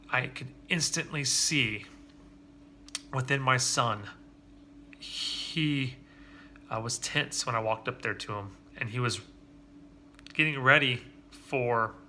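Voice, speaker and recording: Earnest man in his thirties, bright forward voice, confessional vlog delivery, faint room noise behind. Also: mid-range voice. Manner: earnest, confessional, halting with restarts. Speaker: father vlogger. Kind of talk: candid personal vlog.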